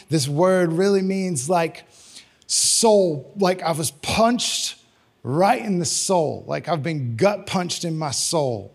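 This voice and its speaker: Gravelly-voiced man preaching a sermon. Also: fairly high pitch. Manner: earnest, conversational preaching with sudden emphatic rises. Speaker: pastor.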